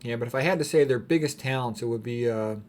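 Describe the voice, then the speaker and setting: Guy talking through paintings, mid-pitched voice, lots of ums and throat clearing, opinionated. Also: quick pace, darkish tone, a little hiss or hum. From United States. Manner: rambling, opinionated, frequent throat-clearing and fillers. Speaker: art commentator. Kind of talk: casual commentary on paintings.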